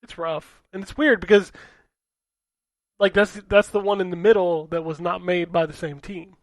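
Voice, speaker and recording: A man hosting a gaming podcast, dry and opinionated, often trailing off into quiet asides. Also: high-pitched, fairly even intonation, moderate pace, dry recording. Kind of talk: casual gaming chat.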